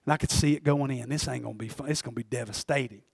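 A man preaching a folksy sermon, dropping to a hush and then building to shouts. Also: mid-range voice, racing, gravelly, breathy edge, no room sound, studio quality. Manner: swings from hushed to shouting, folksy. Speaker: pastor.

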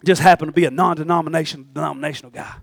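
Fervent male preacher, high and gravelly, with dry close sound. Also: fairly even intonation, rapid-fire, no echo. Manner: fervent, with sudden shouted bursts. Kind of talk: sermon.

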